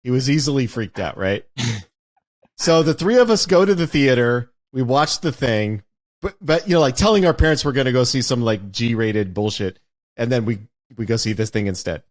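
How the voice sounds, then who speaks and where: With a mid-range voice and lively intonation, a man hosting a podcast tells a story from his childhood at a moderate pace. His casual storytelling is wry and includes some swearing.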